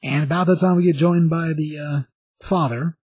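A man's voice: on the high side, fairly even intonation, moderate pace, a little mellow, breathy edge, no echo, rough recording. A man casually recapping a comic book plot, rambling along with many fillers and restarts.

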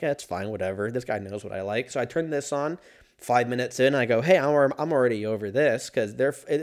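A young adult man riffing in a rambling, profane, casual comedic monologue, breaking into laughs and sudden shouts. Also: medium pitch. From Los Angeles area.

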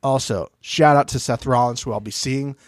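A man's voice: medium pitch, moderate pace, dry recording, studio quality. A man co-hosting a podcast, recapping a reality show in casual chat, swearing and acting out what people said. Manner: animated, swearing, acts out quotes. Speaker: podcast co-host.

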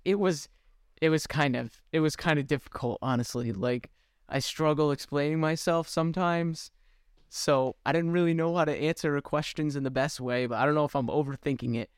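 A young man co-hosts a casual podcast in a smooth, clear voice. He talks hesitantly, restarting his sentences and filling the gaps with "like" and "uh". The sound is dry and close. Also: on the high side, fairly even intonation, brisk, dry recording. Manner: hesitant, restarts often, many fillers. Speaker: podcast co-host. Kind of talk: casual chat.

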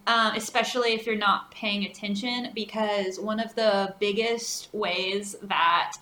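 A woman co-hosting a podcast in casual chat, animated, laughing often and slipping in Spanish words. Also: medium pitch, a little slow, reverberant. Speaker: podcast co-host.

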